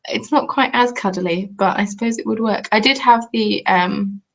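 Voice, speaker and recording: A woman's voice: medium pitch, moderate pace, fairly bright tone. A young woman in her twenties, a craft YouTuber, chatting on a live stream at home and answering comments as they come in. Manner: chatty, rambling, reads out and answers chat comments.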